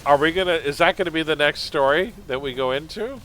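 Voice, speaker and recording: A man with a somewhat high voice talks fast while streaming a game, chatting casually and laughing often as he gets animated about old movies. The recording is low quality, with a little hiss or hum.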